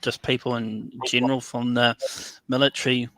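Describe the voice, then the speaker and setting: A man with a bright, mid-pitched voice on a dry recording, asking questions hesitantly with frequent ums. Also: flat delivery, moderate pace, no echo. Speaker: guest. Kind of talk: casual chat.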